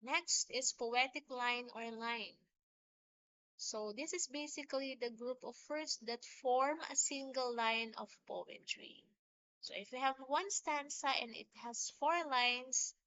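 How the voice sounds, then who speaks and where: A woman teacher giving a recorded lecture on poetry, explaining slowly and deliberately with small restarts. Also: fairly high pitch, pushed and bright, dry recording, muffled recording.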